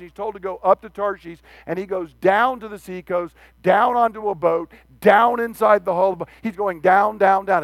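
A man preaching a sermon, animated, acting out the quoted speech of the figures he reads about. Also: high voice, no room sound.

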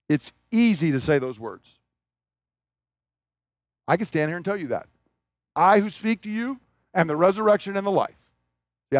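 A man's voice: sits high, no echo, clean studio sound. A man preaching a sermon in a conversational way, building up to emphatic declarations. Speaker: pastor.

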